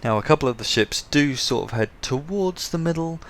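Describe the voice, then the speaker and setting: A man's voice: on the high side, animated, fairly quick, a bit bright. An English man hosting casual game replay commentary, chatty and full of joking asides. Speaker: game commentator and show host.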